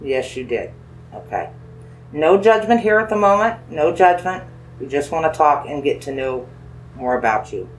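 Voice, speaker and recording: A paranormal investigator gently questions a spirit with dowsing rods, coaxing and reassuring, repeating phrases and asking slow yes-or-no questions. The voice is medium-pitched and very animated, with faint music behind.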